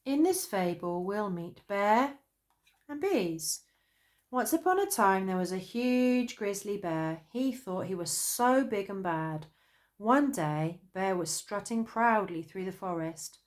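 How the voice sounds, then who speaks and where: Expressive woman reading a children's story. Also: mid-range voice, slow. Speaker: narrator.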